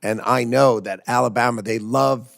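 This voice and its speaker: Older guy with a gravelly voice answering at a hearing, sure of himself, emphatic. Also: medium pitch, steady tone, a bit bright. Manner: brisk, confident, emphatic. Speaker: cabinet secretary answering questions. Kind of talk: testimony at a hearing.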